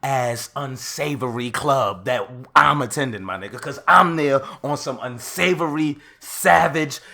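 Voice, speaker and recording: A young man hosting his own podcast, ranting in a casual monologue that swings from loud outbursts to calmer talk. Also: mid-range voice, measured pace, vocal fry. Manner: rants loudly, then calms down. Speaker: podcast host.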